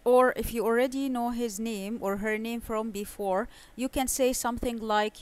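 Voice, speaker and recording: A young woman gives an English lesson in a slightly high voice, reading dialogues aloud slowly and clearly. She leans on rising intonation to show how the lines should sound. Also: steady tone, darkish tone. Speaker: English teacher.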